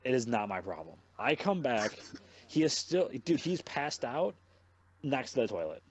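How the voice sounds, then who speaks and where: In a casual podcast chat, a young man tells a long, rambling story at a moderate pace in a mid-range voice. He's animated and swears nonstop as he hosts.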